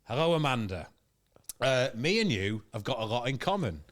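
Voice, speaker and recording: A man, a comedian guest, telling a comic story in an animated, sweary way and laughing through it. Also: medium pitch, normal speed.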